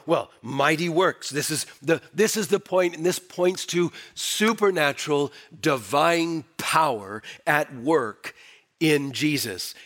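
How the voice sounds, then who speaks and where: A male pastor preaching a sermon, swinging from emphatic declarations to hushed, low asides.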